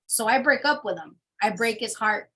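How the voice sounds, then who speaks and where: A young adult woman telling her personal testimony in an interview, in a casual, animated storytelling manner. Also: a little high, moderate pace. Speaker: interview guest.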